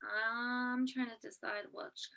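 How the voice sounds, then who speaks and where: A woman's voice: on the high side, little pitch movement, slow, gravelly, sharp tone. A woman co-hosting a casual makeup tutorial, explaining each step in an upbeat, instructive way. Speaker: co-host.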